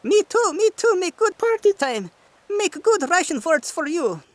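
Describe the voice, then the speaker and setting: A man's voice: very high voice, sing-song, measured pace, dry recording, pitched above the performer's own voice, full character voice. A man voicing a giggly party-loving young woman who speaks broken English. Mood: giddy.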